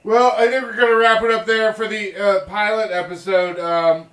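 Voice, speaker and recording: A man's voice: high-pitched, level tone, moderate pace, a bit bright. A young man co-hosting a casual podcast, rambling and ranting, laughing often. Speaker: podcast co-host. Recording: roomy echo.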